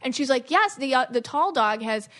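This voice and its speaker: A woman in her thirties hosting a podcast, telling stories in a lively, chatty way with many fillers. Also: high voice, moderate pace. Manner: animated storytelling with many fillers. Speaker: podcast host and psychic reader. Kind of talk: casual podcast chat.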